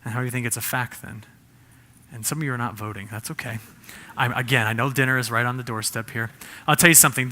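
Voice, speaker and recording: Jokey guy giving a talk, quizzes the crowd, pretty bright forceful voice. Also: medium pitch. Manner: jokey, quizzes audience with shows of hands. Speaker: presenter. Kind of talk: humorous presentation to an audience.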